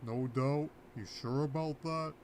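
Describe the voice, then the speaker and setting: A man's voice: medium pitch, unhurried, darkish tone, no echo. A man doing a scripted commentary voice-over, pointed and sarcastic. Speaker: video commentator.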